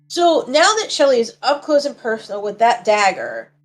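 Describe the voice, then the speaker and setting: A woman's voice: a little high, very animated, normal speed. A woman player describing her character's actions in a tabletop game, rambling and hesitant.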